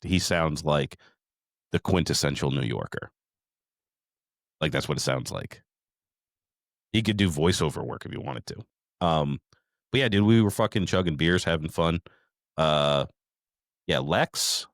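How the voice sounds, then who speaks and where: A man's voice: low voice, creaky, dry recording, studio quality. A middle-aged man hosting a podcast, rambling through a profane, casual story recap. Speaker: podcast host.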